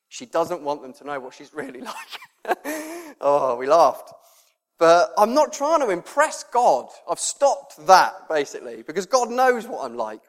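Animated male preacher in a hall. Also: on the high side. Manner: animated storytelling with laughter. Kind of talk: sermon. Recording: long reverb in a hall.

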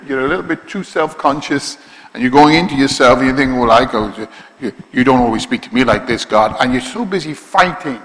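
A man with a Liverpool accent preaches a sermon, his bright, forceful voice ringing through a big hall with a long reverb. He drops into quiet, chatty asides, then swells into loud, slow, stretched-out declarations. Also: medium pitch. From Liverpool, England.

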